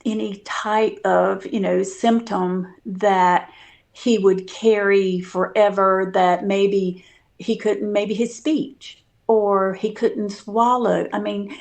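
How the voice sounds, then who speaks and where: A woman's voice: mid-range voice, vocal fry. A woman guest telling a personal story in casual interview talk, earnest and full of fillers and restarts.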